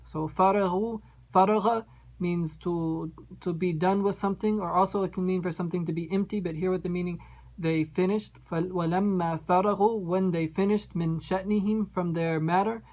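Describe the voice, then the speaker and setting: A woman's voice: fairly low pitch, fairly even intonation, rapid-fire, a little mellow, low-quality recording. A woman teaching an Arabic text, reading each phrase and then translating it word by word and explaining its grammar. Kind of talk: line-by-line text translation lesson.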